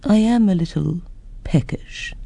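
A woman voicing a small, polite dragon that speaks in a slow, calm drawl. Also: lowish voice, creaky, no echo, voice pushed up.

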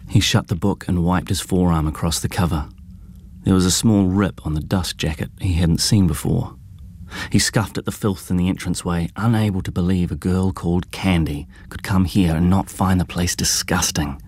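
Low-voiced guy reading a story aloud, measured and even, dead dry sound. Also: breathy edge, dry recording. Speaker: narrator. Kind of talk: scripted audiobook narration.

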